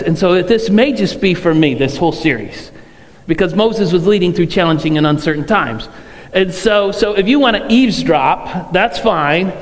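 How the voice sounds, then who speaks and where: A man preaching a sermon as pastor, talking conversationally and reading scripture aloud in a church. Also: high-pitched. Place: church sanctuary. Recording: long hall reverb.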